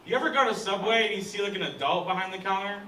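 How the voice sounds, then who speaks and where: A man's voice: sits high, racing. A young American man performing a live stand-up set, self-deprecating and chatty with the crowd. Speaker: stand-up comedian. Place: comedy club stage. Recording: echoey room from far off with loud crowd noise. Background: audience laughter.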